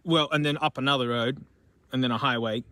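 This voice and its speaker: An Australian man chatting casually outdoors in remote bushland, rambling excitedly and joking with the things he finds. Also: medium pitch, a little fast. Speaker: YouTube host. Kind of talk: casual vlog commentary.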